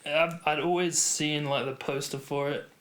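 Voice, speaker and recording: A man's voice: fairly high pitch, fairly even intonation, moderate pace, fairly bright tone. A man in his twenties, co-hosting a podcast in a laid-back, chatty way. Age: 20s. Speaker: podcast co-host. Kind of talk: casual chat.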